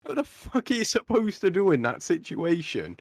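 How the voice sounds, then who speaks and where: A man's voice: sits high, normal speed, dry recording, clean studio sound. Young man telling a story with energy. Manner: animated storytelling, swears, mimics people he talks about. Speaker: podcast co-host. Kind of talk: casual chat.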